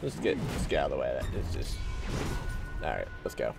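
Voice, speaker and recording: Male game streamer, animated up-and-down voice, excitable, self-talk mutters, game music behind. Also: a bass voice, a little fast, gravelly. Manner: excitable, talks to himself, self-coaching mutters. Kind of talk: casual gameplay commentary.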